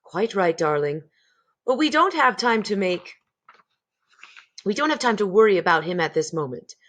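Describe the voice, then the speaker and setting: A woman doing a gentle, composed grandmother. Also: mid-range voice, sing-song, normal speed. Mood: warm. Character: kind, patient elderly grandmother.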